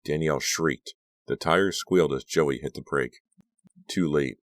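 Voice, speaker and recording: Very deep-voiced man narrating an audiobook. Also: unhurried, dry recording. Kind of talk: scripted narration.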